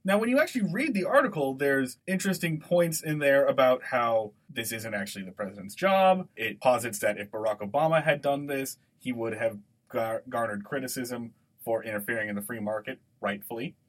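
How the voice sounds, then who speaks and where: A man co-hosting a podcast, talking through a film scene in an animated, digressive way. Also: medium pitch, fairly quick. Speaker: podcast co-host. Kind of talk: conversational podcast discussion.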